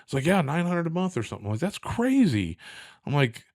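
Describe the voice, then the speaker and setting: A middle-aged man telling a long story in a lively, casual way, acting out the voices of the people in it. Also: fairly high pitch, racing, creaky, no echo, studio quality. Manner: animated, acts out quoted voices. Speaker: guest.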